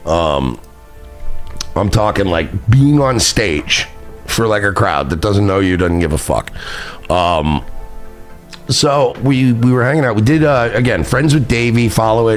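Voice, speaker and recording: A man from New York hosting a podcast, telling a story in a rambling, profane, self-mocking way while intoxicated. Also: low-pitched. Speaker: podcast host. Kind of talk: casual storytelling chat.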